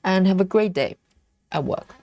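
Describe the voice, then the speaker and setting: A woman with a warm, mid-range voice speaks at a moderate pace in a dry recording. She's hosting a live cross-stitch stream, chatting as she stitches and snacks on chocolate, reading viewer comments aloud and answering them.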